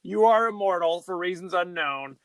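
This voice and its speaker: A man co-hosting a podcast in casual chat, excitable, laughing often and breaking into exclamations. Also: high-pitched, normal speed, no room sound. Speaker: podcast co-host.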